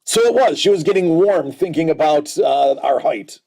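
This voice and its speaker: A man's voice: fairly high pitch, lively intonation, normal speed, gravelly, mellow. A man in his forties hosting a casual livestream, reading viewer comments aloud and joking about them. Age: 40s.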